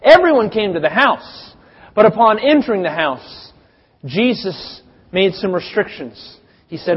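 A man preaching a sermon, telling the story dramatically with big swings in loudness. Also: sits high, lively intonation, unhurried, breathy edge. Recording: dull sound with long reverb.

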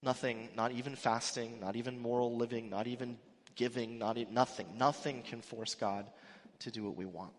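Speaking at medium pitch with fairly even intonation and a moderate pace, a male pastor delivers an emphatic, conversational sermon and dramatizes the quotes he shares. The recording comes from a church sanctuary with a long, echoing reverb.

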